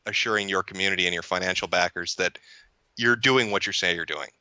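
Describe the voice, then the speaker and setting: A man's voice: low voice, quick pace, bright, forceful tone, clean tone, dry recording. A man in casual chat, talking bluntly and profanely with a sarcastic edge, often laughing mid-sentence. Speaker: podcast guest and commentator.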